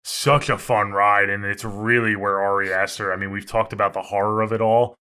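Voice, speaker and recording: A man's voice: fairly low pitch, level tone, brisk, pushed and bright, clean tone. A man co-hosting a podcast, talking through a horror film in a laid-back way with casual swearing. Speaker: podcast co-host. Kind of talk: casual movie review chat.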